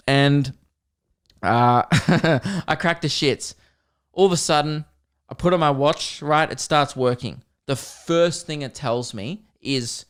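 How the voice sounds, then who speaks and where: A young man hosts a podcast in a comic rant. His voice sits a touch high for a man, and he swears constantly, laughs often and keeps jumping into loud, exasperated outbursts. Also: normal speed, clean tone. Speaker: podcast host. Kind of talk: comedic rant.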